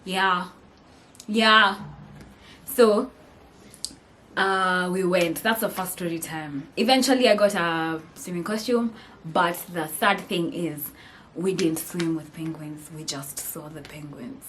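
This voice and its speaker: Animated young Kenyan woman vlogger. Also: lowish voice, takes it slowly, slight background noise. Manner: animated, mixing English and Swahili slang, laughing often. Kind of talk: casual storytime vlog.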